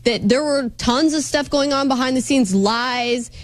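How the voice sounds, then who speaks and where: Higher-voiced woman reporter, close dry mic. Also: measured pace, no room sound. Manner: earnest, builds arguments with questions. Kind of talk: political talk show discussion.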